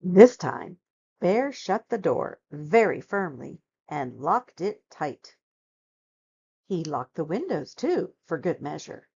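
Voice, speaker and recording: A woman reading a children's picture book aloud, narrating with expressive, dramatic storytelling. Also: fairly low pitch, slow, creaky, breathy edge, muffled recording.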